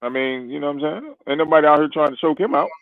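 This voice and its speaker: A man's voice: a little high, rapid-fire, creaky, dry recording. A man calling in to a livestream, chatting casually in a rambling way full of fillers. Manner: rambling, filler-heavy, says "bro". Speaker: guest caller. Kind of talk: casual chat. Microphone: phone line. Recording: tinny, dry phone line.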